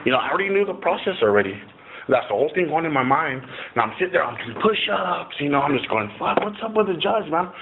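A man's voice: a little high, expressive, fast talker. Man, middle-aged, casual storytelling, profane, rambling, filler-heavy, tinny lo-fi sound. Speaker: speaker sharing a recovery story. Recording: tinny phone-like recording with faint hiss.

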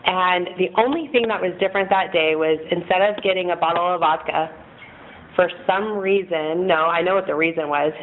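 A woman in her thirties giving a frank, rambling personal testimony to a group in a meeting room, often laughing at herself. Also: lowish voice. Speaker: speaker sharing at a recovery meeting. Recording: tinny phone-like recording, faint noise.

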